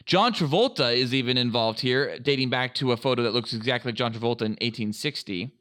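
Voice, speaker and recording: A man's voice: mid-range voice, fast, a bit bright. A young man co-hosting a casual podcast, steering the topics with crude, joking talk. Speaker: podcast co-host.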